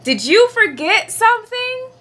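A woman voicing a patient mother frog in a children's storybook read-aloud, calling out and gently scolding. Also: very high voice, sing-song, unhurried, voice pushed up, exaggerated voice.

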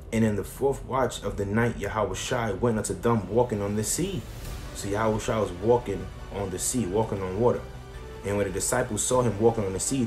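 Casual male preacher, lowish voice, street-style talk over faint background music. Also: darkish tone. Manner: casual, repeats "man" and "you know" often; reads scripture slowly. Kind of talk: informal scripture teaching.

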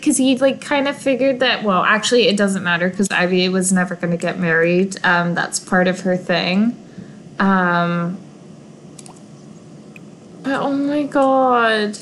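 Slow-talking young woman narrating her game. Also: medium pitch, a bit bright, a little hiss or hum, rough recording. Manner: gushing and emotional, sighing over sad moments. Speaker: gaming video creator. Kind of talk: casual let's-play commentary.

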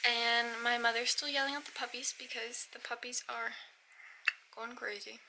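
A woman's voice: on the high side, level tone, moderate pace, background noise. A woman in her twenties, a young mother chatting casually to camera in a home vlog, sometimes slipping into sing-song baby talk. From United States. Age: 20s. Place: home indoors.

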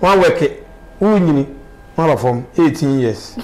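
A man's voice: a little high, animated, normal speed, a crowd in the background, rough recording. A man talking animatedly in a casual street interview, with emphatic bursts and sudden exclamations.

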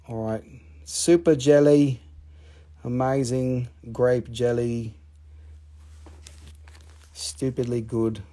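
Excitable man hawking crystals on a live stream. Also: medium pitch, slow pace, long pauses. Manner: excitable, swears, jokes, talks to viewers. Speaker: live-stream seller of minerals. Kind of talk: casual live-sale patter.

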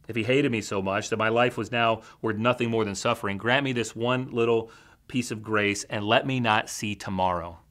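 A man preaching a sermon as a teaching pastor in a church, with an earnest, measured storytelling delivery. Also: on the low side, a bit bright.

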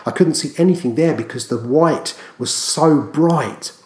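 A man preaching a fervent sermon, often repeating hallelujah and friends and swinging between hushed and loud. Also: fairly high pitch, unhurried, roomy sound.

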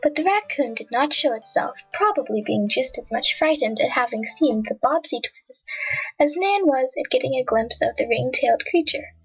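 A woman with a high, husky voice reads a children's adventure story aloud. The sound is dull and lo-fi, with faint background music. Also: animated, moderate pace. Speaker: audiobook narrator.

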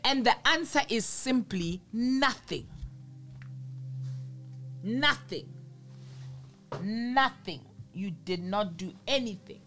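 A woman's voice: mid-range voice, animated, unhurried, few pauses, fairly bright tone, faint music behind. A woman preaching a sermon in an earnest manner, repeating phrases for emphasis.

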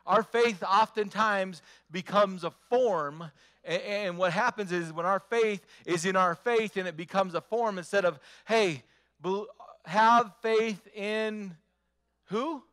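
A man preaching with a high, bright voice. He drives his points home with repetition and rhetorical questions in an emphatic pastor's delivery. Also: a little slow. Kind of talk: sermon.

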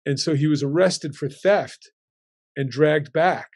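A man in his sixties with a voice pitched a little high for a man, talking as a guest. He tells family stories casually and with energy. He slips into his relatives' lines as he tells them. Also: unhurried. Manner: animated, acting out relatives' lines in the telling.

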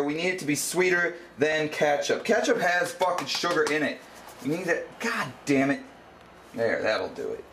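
In a crude, swear-filled comedic cooking demo, a young male host rants brashly through instructions in a kitchen and at a backyard grill. His voice is a little high and a bit bright, captured in an echoey home video with clear background noise.

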